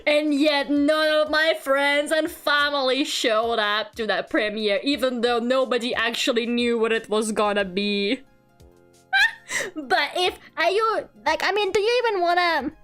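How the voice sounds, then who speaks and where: A woman's voice: high-pitched, steady tone, unhurried, a bit bright, faint music behind. A young woman from England streaming as an artist, chatting casually and animatedly, laughing often and swearing now and then. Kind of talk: casual chat while drawing on stream.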